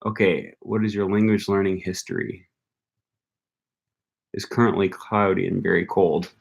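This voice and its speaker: Young man, Wisconsin accent, slightly low voice, rambling livestream chat, lots of fillers. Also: steady tone, moderate pace, gravelly. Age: young adult. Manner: rambling, thinks aloud with many ums and likes. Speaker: language-learning channel host. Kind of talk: casual livestream chat with viewers.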